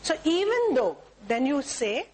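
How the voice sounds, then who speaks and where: A woman with an Indian English accent guides a roomful of people through an emotional tapping routine, her voice sitting a little high. She gives short instructions and chants the same word over and over in a steady rhythm. A faint hum runs underneath the recording. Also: a little slow, poor audio. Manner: instructive, repetitive chanting of cue words. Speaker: workshop leader. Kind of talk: guiding a group through a tapping exercise. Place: talk room with a group.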